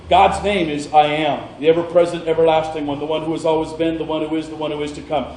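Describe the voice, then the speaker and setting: Animated high-voiced male pastor preaching. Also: a little fast, few pauses, roomy sound, slight background noise, poor audio. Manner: animated storytelling, playful. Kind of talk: sermon.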